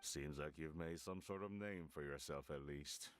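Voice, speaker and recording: An actor playing a calm, formal older male client in a game, speaking slowly and politely with a very deep voice. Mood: measured. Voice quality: very deep, slow and measured. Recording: game audio playing quietly under the stream with faint noise.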